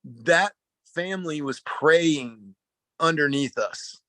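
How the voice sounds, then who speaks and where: Bright-voiced man telling a story. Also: a little high, slow pace, no echo. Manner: animated, rambling, with frequent restarts. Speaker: speaker at a talk. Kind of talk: personal storytelling.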